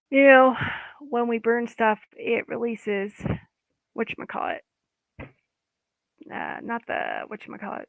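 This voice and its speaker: A woman's voice: fairly high pitch, steady tone, slow, creaky, pauses often, dry recording. Chatty woman coaching over a tinny line. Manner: chatty, informal, loses words mid-sentence. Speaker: EFT coach. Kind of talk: guided self-help talk. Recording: dry, phone-like line.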